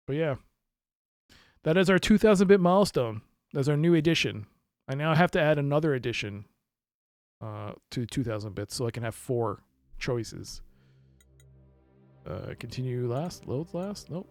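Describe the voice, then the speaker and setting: A man's voice: mid-range voice, moderate pace, vocal fry, pauses often, faint music behind. Jokey American man streaming games. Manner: rambling, jokey, self-mocking, laughs often. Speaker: game streamer. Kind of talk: casual live-stream commentary.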